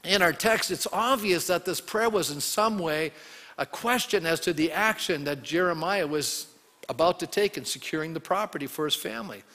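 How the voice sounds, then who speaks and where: Male pastor preaching, high bright voice, chatty and lively, long church reverb. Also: normal speed. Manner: animated, conversational, asks the congregation questions. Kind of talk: sermon.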